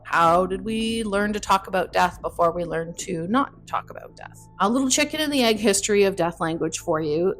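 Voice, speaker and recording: A woman hosting a podcast, reading a wry, explanatory script. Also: fairly low pitch. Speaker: podcast host.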